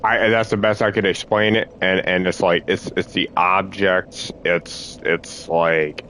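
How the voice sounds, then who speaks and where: Very deep, flat-voiced rambling man. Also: a little hiss or hum. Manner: rambling, repeats himself, halting restarts, swears, self-soothing. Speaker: streamer. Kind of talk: rambling monologue.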